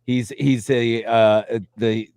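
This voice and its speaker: A middle-aged man hosting a podcast, joking and excitable, often restarting his sentences. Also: medium pitch, slow pace, clean tone, no echo. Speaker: podcast host. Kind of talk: casual chat.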